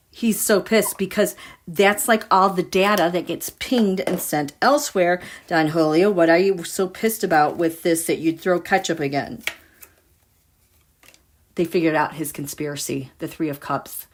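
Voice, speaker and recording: A woman giving a casual tarot reading to her viewers, musing and dramatic as she talks through the cards. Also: on the low side. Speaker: tarot reader.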